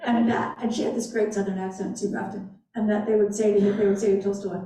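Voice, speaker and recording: A woman author answering audience questions at a library talk, animated and emphatic, often repeating her phrases. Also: medium pitch, fast. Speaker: guest author. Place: library event room. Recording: echoey room, distant mic.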